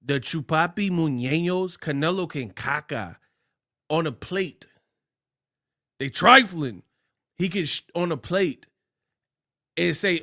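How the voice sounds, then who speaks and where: A man's voice: a little high, takes it slowly, pauses often. Slangy Bay man ranting on boxing. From Bay Area, California. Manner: animated, slangy and mocking, puts on voices for quotes. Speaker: boxing commentator. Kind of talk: casual ranting commentary.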